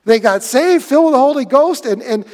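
High-voiced animated pastor in a hall. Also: male voice, brisk. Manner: animated, swings from excited to hushed. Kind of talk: sermon. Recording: echoey hall.

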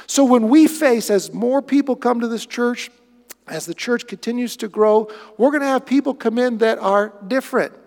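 A male pastor delivers a sermon with a high voice. He is animated, swings from excited bursts to hushed asides, and his voice rings through an echoey hall. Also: normal speed.

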